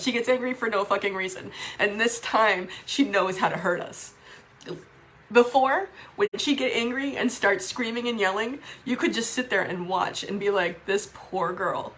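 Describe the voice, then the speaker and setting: A woman talking to camera in a raw, emotional vlog, upset and swearing, with halting restarts. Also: mid-range voice, fairly bright tone. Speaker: vlogger.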